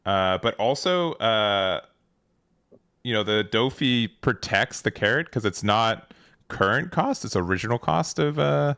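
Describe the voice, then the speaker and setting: A man with a fairly low voice gives relaxed play-by-play of a card game match. He hedges his calls and trips over his own sentences as he thinks aloud. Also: smooth. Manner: relaxed, hedging, frequent fillers and restarts. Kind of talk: casual match commentary.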